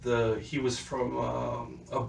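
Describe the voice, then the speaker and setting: A man's voice: medium pitch, little pitch movement, slow pace, creaky. Podcast host, male, casual storyteller, does voices for quotes, roomy distant mic sound. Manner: loose storytelling, quoting people in put-on voices. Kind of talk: casual chat. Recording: echoey room, far from the mic, faint noise.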